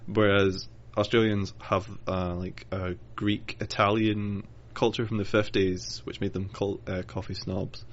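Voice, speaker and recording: A man's voice: fairly low pitch, little pitch movement, measured pace, few pauses. A man co-hosting a casual podcast chat, dry, blunt and sardonic. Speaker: podcast co-host. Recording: dull lo-fi sound with faint noise.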